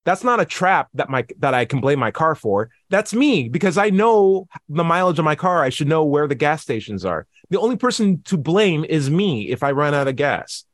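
A man's voice: a little high, sing-song, normal speed, few pauses, dry recording, clean studio sound. A man in casual podcast chat, arguing with sarcasm and acting out quoted people in mocking voices.

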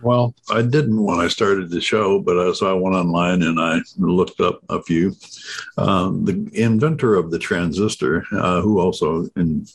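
A man, a panel guest, speaking in a plain, measured way. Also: low-pitched, steady tone, slightly rough. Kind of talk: casual panel chat.

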